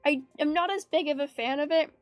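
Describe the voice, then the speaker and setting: Woman, art streamer, high-pitched and giggly, loose rambling chat, dry close sound. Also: fairly quick, dry recording. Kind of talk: casual chat while drawing. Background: faint background music.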